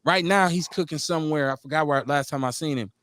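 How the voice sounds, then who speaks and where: A man's voice: fairly high pitch, fast talker. A man hosting a radio talk show with a Milwaukee accent, telling long stories and acting out the people in them. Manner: storytelling, animated, acts out the people in his stories. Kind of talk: casual chat.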